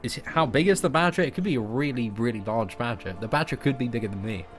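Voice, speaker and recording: A man's voice: medium pitch, animated, fast, faint music behind. A young English man chatting casually and joking with viewers while he plays a game. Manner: jokey, chatty, calls listeners mate and boys. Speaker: gaming streamer. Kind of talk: casual live-stream chat while gaming.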